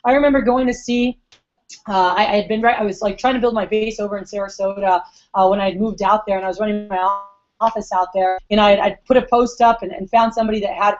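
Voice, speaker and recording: Fast-talking young woman sales trainer. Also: mid-range voice, fairly even intonation. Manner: chatty, acts out customer quotes. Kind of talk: storytelling sales training talk. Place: meeting room. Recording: dull lo-fi recording.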